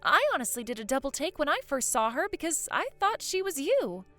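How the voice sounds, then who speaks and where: A woman voicing an excitable teenage granddaughter in a voiced story drama, chatty and blunt. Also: high-pitched, fairly quick, soft background music. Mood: reporting.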